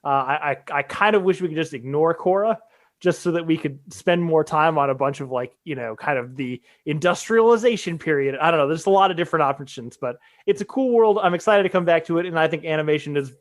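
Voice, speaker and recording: A man's voice: on the high side, fairly quick. A man co-hosting a podcast, thinking aloud casually with hedges and restarts. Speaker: podcast co-host. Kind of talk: casual chat.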